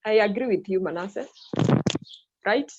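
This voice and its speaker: A woman's voice: mid-range voice, moderate pace, heavy background noise. A woman teacher leading an online English lesson, prompting students and repeating their answers back. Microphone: video call. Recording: muffled video call audio.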